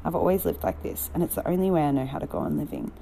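Brief: troubled young woman, pleading and earnest, dark husky tone, voiced by a female reader. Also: low-pitched, huge pitch swings, slight background noise, exaggerated voice. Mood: distraught. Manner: earnest, pleading, quickening when upset.

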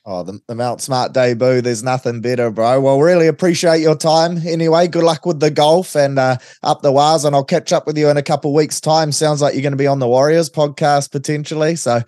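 A man hosting a sports podcast, talking in a blokey, energetic, slangy way. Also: on the high side, a little fast, few pauses, no room sound, studio quality. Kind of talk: casual chat and sports commentary.

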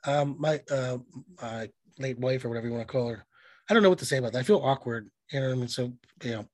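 Podcast co-host, male, quick and breathy, swears a lot, dry close sound. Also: medium pitch, no room sound. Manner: blunt, profane, rambling storyteller. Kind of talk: casual chat.

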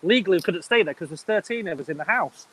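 A man's voice: high voice, fast talker, rough recording. A man in his thirties with an English accent, a wedding business owner telling his story in an interview in a chatty, rambling way. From England. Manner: chatty, animated, rambling with restarts.

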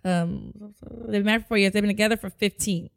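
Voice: medium pitch, fairly even intonation, quick pace, gravelly. A podcast host with a New York accent, chatting casually and reading out a listener question, with frequent encouraging backchannels. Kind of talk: casual conversation.

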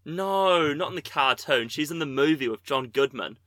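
A man's voice: a little high, lively intonation, normal speed, a bit bright, no echo. A man with a New Zealand accent co-hosting a podcast, cheeky and jokey with plenty of slang. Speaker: podcast co-host. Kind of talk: casual banter.

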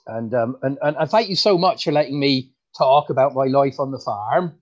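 A man's voice: medium pitch, moderate pace, lightly acted. Guy doing a rural english farmer comic, bumbling and folksy, stammers a lot, muffled lo-fi audio. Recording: dull lo-fi sound.

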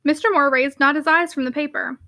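A woman narrating a classic novel in a clear, measured way. Her voice is high and bright, with a crisp edge to every line. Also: steady tone, no echo. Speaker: audiobook reader. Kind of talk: reading a classic novel aloud.

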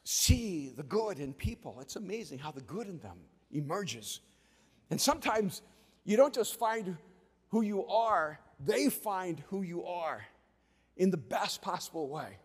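A male pastor delivers a sermon, telling stories in an animated way. His voice sits high for a man. It carries through a large hall with a long reverb. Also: slightly rough. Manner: storytelling, animated.

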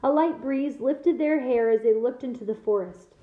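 A woman teacher reading a novel aloud to her class in a lively storytelling manner, in an echoey room heard over a thin, phone-like line. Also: a little high, moderate pace.

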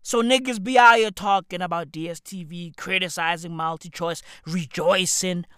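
A man's voice: high-pitched, steady tone, moderate pace, sharp tone, clear, resonant tone, no room sound, studio quality. A man, hosting a podcast in a profane, mocking comedic rant full of rhetorical questions. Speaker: podcast host.

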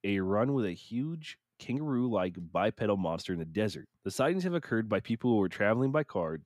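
A man's voice: fairly low pitch, sing-song, brisk, a little mellow, no room sound, clean studio sound. A man co-hosting a casual podcast, reading out accounts and joking along, often laughing and tripping over hard words. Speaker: podcast co-host.

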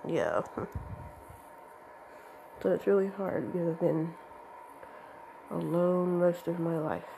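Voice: medium pitch, animated, slow pace, vocal fry, dark tone, slight background noise, low-quality recording. A young adult rambling hesitantly in a casual monologue to camera, with a voice cracking from allergies.

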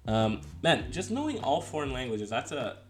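A young man co-hosts a relaxed podcast chat, his pitch bouncing lively as he jokes with a friend. He talks with slang, quick restarts and easy laughter, and soft music plays underneath. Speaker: podcast co-host. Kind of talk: casual chat.

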